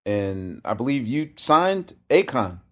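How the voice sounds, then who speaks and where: A man's voice: mid-range voice, big pitch swings, fairly bright tone. A man hosting a casual interview, prompting his guest with questions. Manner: prompting questions, quick laughs. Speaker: interview host.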